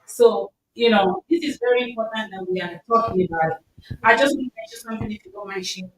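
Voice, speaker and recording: A community speaker, a woman with a mid-range voice, talks fast and informally to a gathering in a mosque hall. She's earnest, loud and emphatic, repeating herself often. The echoey hall is picked up on a distant mic with faint noise.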